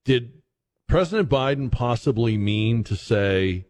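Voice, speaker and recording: Male talk radio host, sarcastic rhetorical commentary, animated pitch. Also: normal speed. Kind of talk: opinion commentary.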